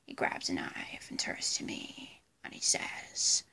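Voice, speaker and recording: A woman impersonating a menacing male comic-book villain in a hoarse, breathy whisper, drawing out her words. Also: slow, pushed and bright.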